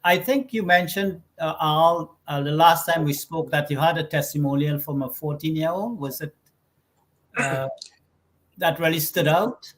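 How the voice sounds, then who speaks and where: A man's voice: fairly high pitch, unhurried, a bit bright. A male talk show host asking a brief, hesitant question with fillers, sounding distant from the mic. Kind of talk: interview question.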